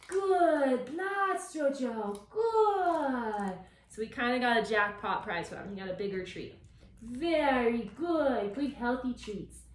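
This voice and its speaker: A woman dog trainer explaining a puppy session, switching between calm explanation and high, bright praise for the dog. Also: normal speed. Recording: echoey, from a distance.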